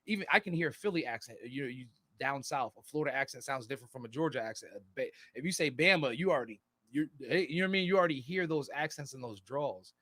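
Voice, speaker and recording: A man's voice: mid-range voice, lively intonation, fast talker, hardly any pauses, pushed and bright, no room sound. American man rambling on a podcast. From United States. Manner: rambling, reads out comments, laughs often. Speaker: podcast co-host. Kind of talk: casual chat.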